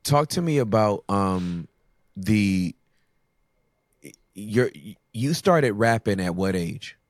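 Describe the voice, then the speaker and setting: A man talking as a podcast guest, telling emphatic, animated stories in casual conversation. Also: fairly low pitch, slow, no room sound, clean studio sound.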